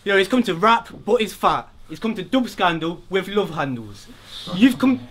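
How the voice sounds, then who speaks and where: High, bright man rapping mocking insults. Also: sing-song, measured pace. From Derby, England. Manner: mocking rhymed insults, laughing between lines. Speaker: battle rapper. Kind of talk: live rap battle performance. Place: live venue before an audience.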